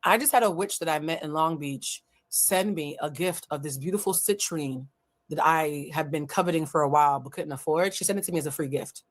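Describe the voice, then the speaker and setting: A woman hosting a livestream, telling a dating story in a casual, blunt and profane way, and acting out the dialogue with big jumps in pitch. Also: fairly quick. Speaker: host of a livestream, emotional intelligence coach. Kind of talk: casual storytelling to a live audience.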